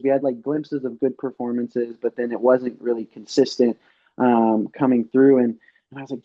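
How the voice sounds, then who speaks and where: A man telling race stories in a casual interview, animated, acting out what others said. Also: mid-range voice, phone-quality sound. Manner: animated storyteller, acts out quotes loudly. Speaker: pro bike racer guest.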